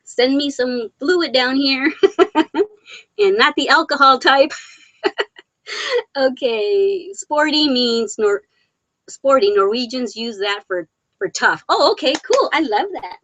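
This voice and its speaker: A woman's voice: high-pitched, lively intonation, slow, long pauses, a bit bright, no echo, poor audio. A woman hosting a casual live Q&A stream. She reads viewer comments aloud, laughs often and talks with affection, though she is worn down emotionally. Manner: affectionate and chatty. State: emotionally worn after a hard weekend.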